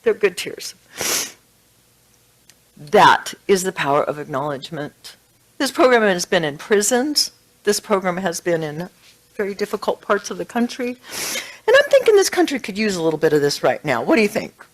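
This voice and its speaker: A woman's voice: fairly low pitch, a little fast, rough recording. A woman giving a sermon to a small congregation, telling a story with feeling and laughing now and then. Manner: emotional, animated storytelling with laughs. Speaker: spiritual practitioner giving the talk.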